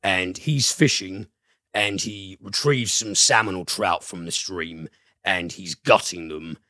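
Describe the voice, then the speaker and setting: A man's voice: low voice, slow, bright, forceful tone, no echo, clean studio sound. A man hosting a casual film review podcast, enthusiastic, rambling and profane.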